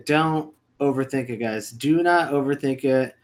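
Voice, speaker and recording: A man co-hosts a fantasy basketball podcast in a casual, emphatic way. He hammers his points home by repeating them and pads his talk with fillers. His voice sits at an ordinary middle pitch. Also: unhurried. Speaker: podcast co-host.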